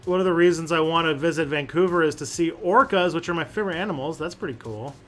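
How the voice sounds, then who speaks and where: A man's voice: fairly high pitch, fast, faint music behind. A man hosting a casual livestream and answering chat questions, rambling with lots of fillers and restarts.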